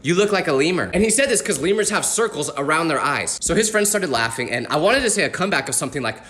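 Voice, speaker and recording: A man in his twenties races through scripted comedic stories, his voice swinging widely from low to high. He sits a little above the usual male pitch and keeps a jokey, self-mocking tone throughout. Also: lively intonation, fast, fairly bright tone. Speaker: comedic storyteller.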